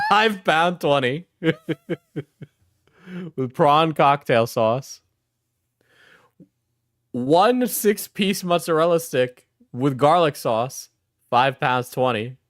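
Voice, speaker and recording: A man's voice: mid-range voice, no echo, clean studio sound. A man streaming and reacting casually, laughing often and restarting his sentences.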